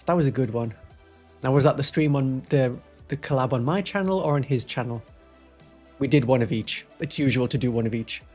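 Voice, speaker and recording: A man's voice: a little high, slightly rough. A man with a toned-down Northeast English accent, chatting with viewers on a live stream in a wry, rambling way. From Northeast England. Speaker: Warhammer streamer. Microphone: studio microphone.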